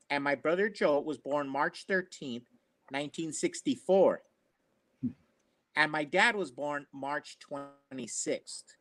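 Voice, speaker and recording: Earnest older man, slightly high voice. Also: a bit bright. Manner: earnest, rambling, repeats himself. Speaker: storyteller on a family talk show. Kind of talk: casual personal storytelling.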